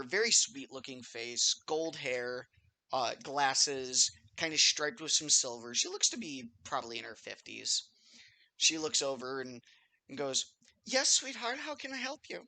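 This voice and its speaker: A man's voice: mid-range voice, gravelly, bright, forceful tone, dry recording. A man narrating a tabletop game as game master, casual and swearing freely. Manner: casual, swears freely, laughs at his own scenes.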